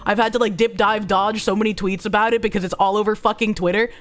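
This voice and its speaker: A woman with a hoarse, sick-sounding voice, chatting casually on a live stream as she reads donations, rambling and swearing freely. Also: mid-range voice, fairly even intonation, quick pace, faint music behind. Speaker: streamer reading chat and donations.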